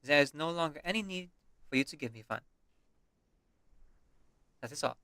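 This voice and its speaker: A man reading game dialogue aloud, voicing a defiant, ambitious young noblewoman in his own mid-pitched voice with a cool delivery. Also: expressive, normal speed, sharp tone, no echo. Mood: cold.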